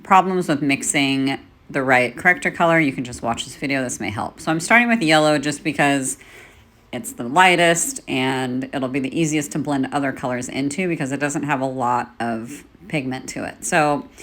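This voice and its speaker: A woman in her forties, a makeup artist, giving a relaxed step-by-step tutorial while she works, with the odd "um". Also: sits low. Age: 40s. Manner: relaxed, talks while working, with "um" fillers. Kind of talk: casual tutorial demonstration.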